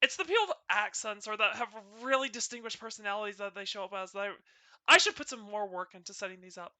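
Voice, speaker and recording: A woman's voice: medium pitch, expressive, fast, bright, forceful tone, dry recording. A woman with a North Carolina accent, chatting playfully with friends and viewers during a stream, often stumbling over her words. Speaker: VTuber streamer. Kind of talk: casual stream chat.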